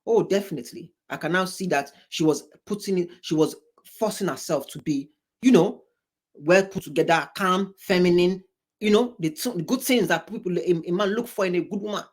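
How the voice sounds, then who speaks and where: A man's voice: high-pitched, brisk. A man from Africa giving casual reaction commentary, rambling and repeating himself with exasperated asides. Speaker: commentator reacting to a debate show.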